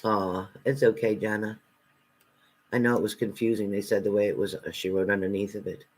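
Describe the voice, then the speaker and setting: A man hosting a live stream as a spiritual reader, reading out viewer comments and answering them bluntly, swinging between loud outbursts and low muttered asides. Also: little pitch movement, fairly quick. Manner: blunt and confrontational, talking back to commenters.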